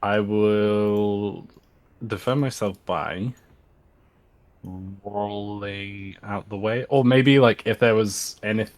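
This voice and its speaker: Slow, hesitant male player. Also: on the low side, steady tone. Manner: hesitant, thinking aloud. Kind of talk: playing a tabletop game.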